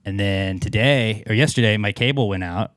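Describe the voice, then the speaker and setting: A man with a lowish voice speaks at a moderate pace in a clean tone on a dry recording. As a podcast co-host, he chats casually and tells rambling anecdotes packed with fillers.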